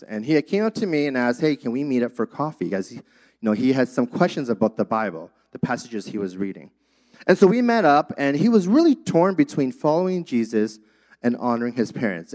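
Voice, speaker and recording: A man's voice: medium pitch, darkish tone. A young man preaching a sermon as a pastor, in an easy conversational way with frequent fillers. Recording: dull lo-fi sound.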